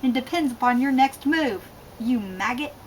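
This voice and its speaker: A woman's voice: high voice, lively intonation, moderate pace, a little hiss or hum, poor audio. A woman barking as a raging army colonel. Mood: shouting. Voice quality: shouting, harsh. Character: furious male army colonel, barking orders.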